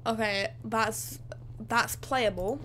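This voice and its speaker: A woman's voice: on the high side, takes it slowly, noisy background. A woman, livestreaming her gaming in a hyper, chatty way full of fillers. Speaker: gaming streamer. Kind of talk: excited livestream chat.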